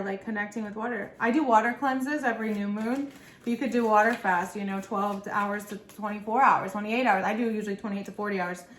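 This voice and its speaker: A woman giving a casual pick-a-pile tarot reading, chatty and encouraging, talking straight to her viewers. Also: medium pitch. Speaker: tarot reader. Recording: echoey room with faint background noise.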